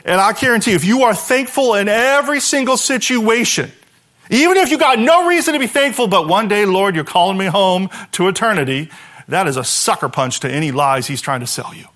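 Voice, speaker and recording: A male pastor preaching to his congregation with a high, light voice. He is animated and direct, and he sinks into a near hush whenever he voices a prayer. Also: fairly quick. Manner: animated preaching, dropping to a hushed voice for quoted prayers. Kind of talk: sermon.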